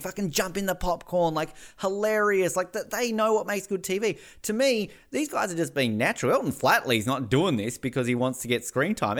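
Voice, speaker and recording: An Australian man co-hosting a podcast, recapping a reality show in casual, excitable chat full of swearing and acted-out quotes. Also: fairly high pitch. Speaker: podcast co-host.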